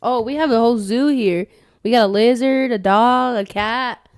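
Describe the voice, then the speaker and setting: A young woman co-hosting a podcast in casual chat, chatty and upbeat, quick to laugh. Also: fairly high pitch, smooth, dry recording, clean studio sound. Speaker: podcast co-host.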